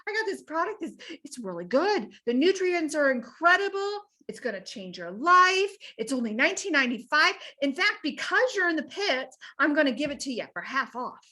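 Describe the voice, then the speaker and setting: A woman voicing a pushy, cheerful male salesman with a quick sales-pitch patter. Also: very animated, bright, forceful tone, heavily acted. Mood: salesy.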